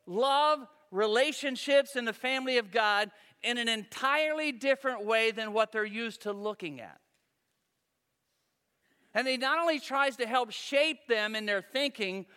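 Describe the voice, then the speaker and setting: A man's voice: very high voice, a bit bright, clear, resonant tone, long reverb tail. A man preaching a sermon as pastor, talking in a conversational, folksy storytelling way.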